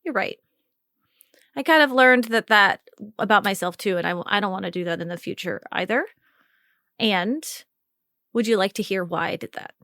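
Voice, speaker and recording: A woman's voice: mid-range voice, normal speed, a bit bright, dry recording, clean studio sound. A woman hosting a live coaching call, chatty and encouraging, laughing often as she guides the talk. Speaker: podcast host and communication coach.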